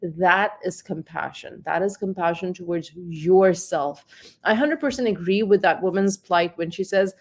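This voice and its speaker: A woman's voice: lowish voice, measured pace, a little mellow. A middle-aged woman, a parenting coach, talking reflectively and repeating words as she searches for them. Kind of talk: conversational talk on parenting.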